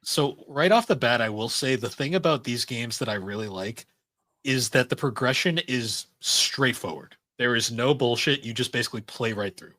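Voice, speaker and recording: A man's voice: mid-range voice, normal speed, bright, forceful tone, no room sound. A man co-hosting a podcast in casual chat, enthusiastic, laughing and swearing often. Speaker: podcast co-host.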